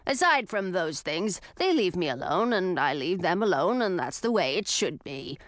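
A woman voicing a grouchy, spiteful old female witch with a rough, gravelly, low growl. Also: big pitch swings, normal speed, no echo. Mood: gruff. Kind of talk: audiobook character voice.

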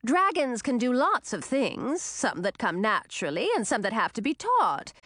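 Lady doing a bossy old witch lady, lively and blunt, kinda scolding. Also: a little high, moderate pace, no echo, studio quality. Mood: lecturing. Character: blunt old woman witch, gruff but kind.

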